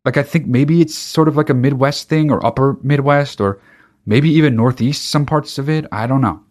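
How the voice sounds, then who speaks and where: A man's voice: mid-range voice, normal speed, darkish tone. A man hosting a podcast, talking alone in a casual monologue, ranting with emphatic profanity and frequent restarts. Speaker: podcast host.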